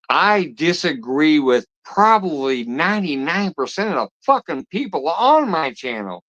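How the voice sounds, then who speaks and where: A man's voice: medium pitch, a bit bright, highs cut off. A man hosting a live stream who talks to his viewers bluntly and swears heavily as he scolds them. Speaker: livestream host of a fishing channel.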